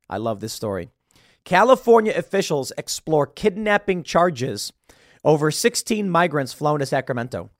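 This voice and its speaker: A man's voice: fairly high pitch, no room sound. Brief: man, podcast host, sarcastic news commentary, dry recording. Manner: sarcastic, stumbles over words. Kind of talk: political commentary, reading news aloud.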